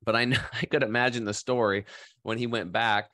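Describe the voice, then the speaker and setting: A man's voice: mid-range voice, steady tone, a little fast, bright, forceful tone, no echo, clean studio sound. A middle-aged man from Oregon casually telling a rambling, enthusiastic story in a vlog and acting out quoted voices. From Oregon, USA. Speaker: vlogger in the health industry.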